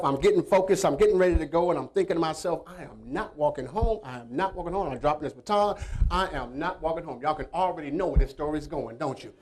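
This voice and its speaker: High-voiced animated male motivational speaker. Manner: animated, emphatic, talks straight to the audience. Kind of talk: faith-based motivational storytelling.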